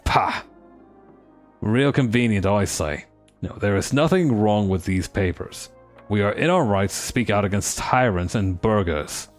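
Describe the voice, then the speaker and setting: A man's voice: fairly low pitch, a little slow, soft background music, lightly acted. A man voicing a grumbling, defiant male dwarf agitator with a Cockney accent, reading game dialogue aloud. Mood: scornful. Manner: gruff, defiant, scornful.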